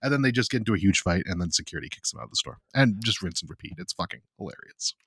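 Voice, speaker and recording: A man's voice: fairly low pitch, rapid-fire, husky, no room sound, clean studio sound. A man co-hosting a casual podcast, swearing freely and retelling things with big enthusiasm. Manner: crude, laughing, animated storytelling. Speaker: podcast co-host. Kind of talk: casual chat.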